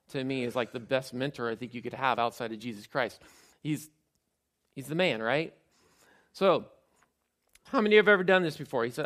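A male pastor preaches in a loose, conversational way, telling stories on himself. His voice has a gravelly, creaky edge at an average pitch. He swings between louder emphatic lines and quiet asides. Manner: conversational, self-deprecating storytelling. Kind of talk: sermon.

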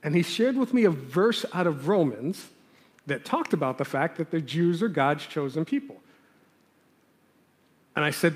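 A man preaching a sermon with a fairly high voice, talking to the congregation like friends while leaning hard on the words that matter. His voice rings out with a long hall reverb behind it. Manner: earnest, conversational preaching with emphatic stresses. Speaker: pastor.

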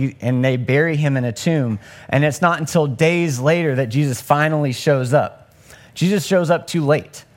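A young man preaching in a relaxed, talky way with a voice that sits a little high. He slips into the voices of the people in the story as he tells it. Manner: conversational, acts out the story's voices with rising pitch. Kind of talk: casual sermon.

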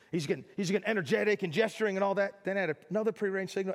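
A man's voice: fairly high pitch, fast, hardly any pauses, in a large hall. A man preaching a sermon as pastor, talking conversationally and acting out little everyday scenes for his congregation.

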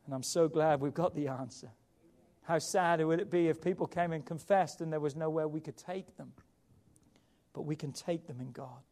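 High-voiced preaching pastor, emphatic. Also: male voice, normal speed, darkish tone. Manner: preaching with emphatic rises and drops. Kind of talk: sermon.

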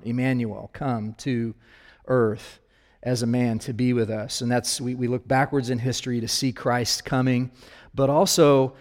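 A male pastor delivering a relaxed, conversational sermon at an ordinary pitch. He speaks directly to his listeners and keeps posing questions to them. His voice trails into a long reverb, as if in a large hall.

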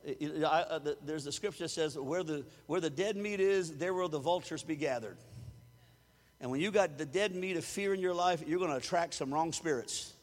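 A man preaching a sermon as pastor, animated and preachy, rising into loud shouts. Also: a little high, normal speed, long reverb tail.

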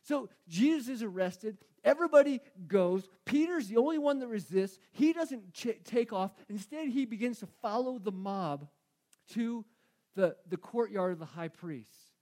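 High-voiced male preacher, emphatic. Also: animated, a little slow, a little mellow. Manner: conversational, emphatic, repeats key phrases. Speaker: pastor. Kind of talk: sermon.

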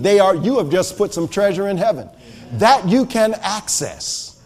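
High-voiced, fervent shouting preacher man. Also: expressive, normal speed. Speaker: minister. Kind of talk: sermon.

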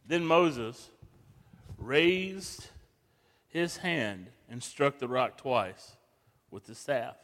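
A man preaching a sermon, swinging from hushed, slow passages to loud, emphatic bursts. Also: medium pitch. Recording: long reverb of a large hall.

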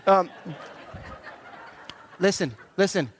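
Male pastor, middle-aged, playful preacher with a swooping, expressive delivery. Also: high voice, extremely slow, a little hiss or hum. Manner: animated, joking preacher who acts out quotes. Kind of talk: sermon.

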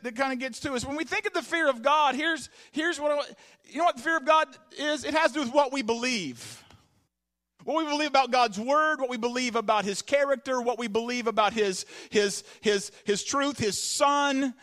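High-pitched guy preaching, lots of restarts, gets fired up. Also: sharp tone. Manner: rambling, many restarts, rising to fervent emphasis. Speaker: pastor. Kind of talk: sermon.

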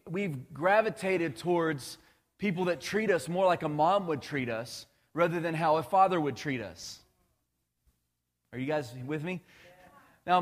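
A male pastor preaching a conversational, animated sermon, with restarts and asides to the congregation. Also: a little high. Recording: long hall reverb.

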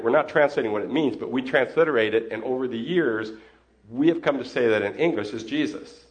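A man, a pastor, teaching a congregation in a conversational sermon, often putting questions to his listeners. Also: mid-range voice. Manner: conversational, asks the audience questions.

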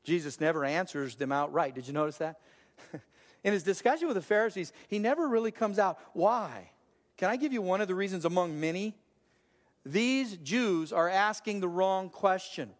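A man's voice: high-pitched, lively intonation, normal speed. An older man preaching a sermon as a pastor, emphatic, with a repetitive preaching cadence. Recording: long hall reverb.

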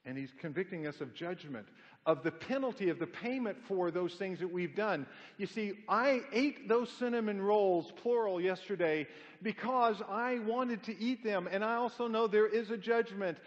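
A middle-aged male pastor preaches emphatically, mixing rhetorical questions with folksy, humorous stories. His voice sits high for a man, and a long hall reverb trails each phrase. The sound is dull and lo-fi. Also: normal speed. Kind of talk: sermon.

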